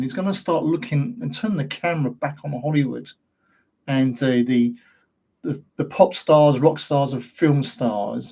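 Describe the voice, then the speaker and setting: A man's voice: mid-range voice, a little mellow. A British man hosting his own channel, talking straight to camera in a rambling, ranting monologue full of rhetorical questions. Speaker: host of a paranormal investigation channel.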